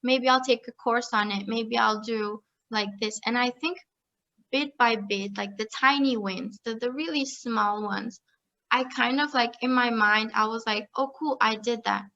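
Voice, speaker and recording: A young woman telling her story as a podcast guest, chatty and animated, with lots of "like" and frequent laughter. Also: fairly high pitch, a little slow, dull audio. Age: young adult. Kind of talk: casual storytelling interview.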